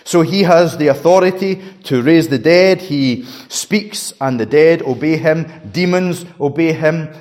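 A man's voice: on the high side, a little slow, few pauses. Man preaching a dramatic sermon. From Scotland. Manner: dramatic emphasis, rising to a shout and dropping to a hush.

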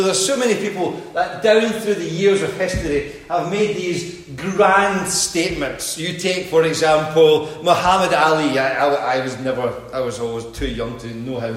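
A man preaching an evangelistic sermon, speaking earnestly and directly to his listeners. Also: fairly high pitch. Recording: very echoey hall.

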